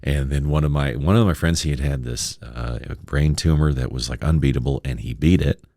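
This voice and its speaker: A man's voice: extremely low pitch, a little fast, dark tone, no echo. A man, a stand-up comedian, telling personal stories in casual conversation, often laughing and acting out the people he quotes. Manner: laughs often, mimics others in quoted asides. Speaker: stand-up comedian, podcast guest.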